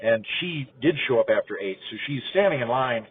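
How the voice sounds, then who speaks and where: Fast-talking man telling stories. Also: medium pitch, slightly rough. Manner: quick, animated storyteller. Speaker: podcast guest, comedian. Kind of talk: casual storytelling in a car. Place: inside a car, passenger seat. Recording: tinny phone-like car recording.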